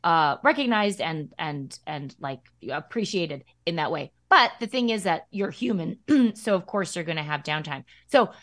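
A woman with a Midwestern American accent chats as a guest in a radio studio. Her voice swings up and down with lively energy. She talks in a bubbly way and restarts her sentences often. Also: lowish voice, normal speed, few pauses. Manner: bubbly, animated, many restarts. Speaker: guest actress. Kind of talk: casual interview chat.

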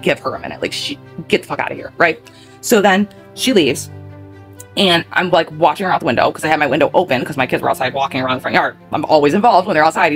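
A woman with a heated, rambling manner, full of "like" and swearing, casually telling a personal story to her viewers. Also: deep voice. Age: adult parent of a nine-year-old.

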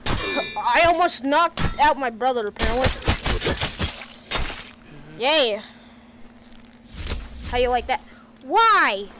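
A woman giving casual commentary while playing a VR sword game, excitable and prone to sudden yelps. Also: high-pitched, slow, pauses often, noisy background. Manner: excitable, bursts of yelps and exclamations. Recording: game music playing behind the voice. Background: game music.

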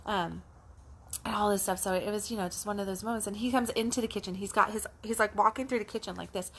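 A middle-aged woman coach telling a casual, animated story, acting out the lines of her child and herself. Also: medium pitch, fast, a little hiss or hum. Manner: animated, acts out a child's voice and her own in quotes. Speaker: life coach.

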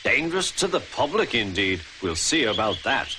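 A man voicing a bustling, authoritative older railway boss who talks in a brisk, commanding, fussy way, with music behind. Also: medium pitch, big pitch swings, sharp tone, slight background noise. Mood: indignant.

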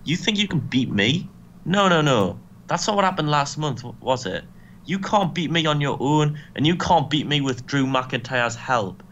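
A cocky heavyweight wrestler, as a man quotes him, smug and taunting, his voice pitched up a few notches. Light keyboard typing sits faintly behind. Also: expressive, normal speed, a bit bright, muffled recording, a little hiss or hum.

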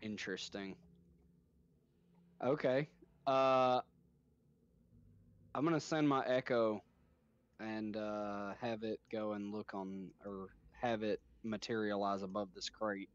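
A man playing a tabletop game, deliberate and wry. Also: fairly low pitch, steady tone, smooth. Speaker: player. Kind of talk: tabletop role-play. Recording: dull lo-fi mic.

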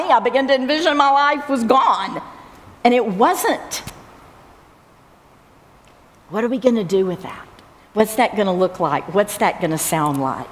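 Middle-aged woman, camp speaker, earnest testimony, reverberant hall. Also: on the high side. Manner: earnest, repeats phrases for emphasis. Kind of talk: personal faith testimony.

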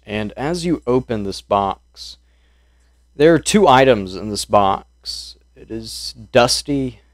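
A male game master narrating a tabletop horror game in a mid-pitched voice, loosely describing scenes and pausing often for ums and uhs. The recording is dry and close. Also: animated, no echo.

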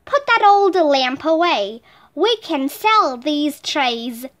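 A woman's voice: high-pitched, big pitch swings, takes it slowly, a bit bright, heavily acted. A woman voicing a poor, fretful mother in a read-aloud storybook, pleading and fussing. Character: poor hard-working mother, fretful and hopeful.

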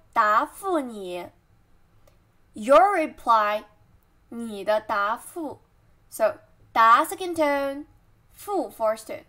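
A woman teaching vocabulary, drilling each word slowly and asking the listener to repeat after her. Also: fairly high pitch, fairly bright tone. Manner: slow, drawn-out repetition of words and tones. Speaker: Mandarin teacher.

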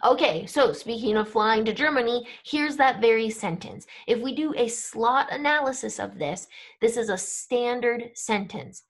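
A woman's voice: a little high, moderate pace. A woman teaching German grammar to camera, explaining step by step and checking in with the viewer. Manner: clear explanatory, checks in with "right?" and "okay?".

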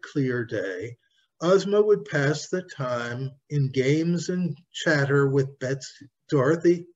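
A man reads his own children's story aloud in careful storybook narration. His voice is slightly husky and the pace unhurried. The recording is dull and lo-fi. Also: medium pitch. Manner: slow, careful reading aloud.

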